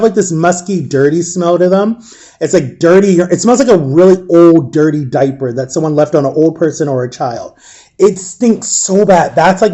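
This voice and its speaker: A man telling a painful personal story in a candid, subdued way, halting and full of fillers and restarts. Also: on the high side, dark tone. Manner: emotionally shaken, subdued. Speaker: storyteller recounting a personal ordeal.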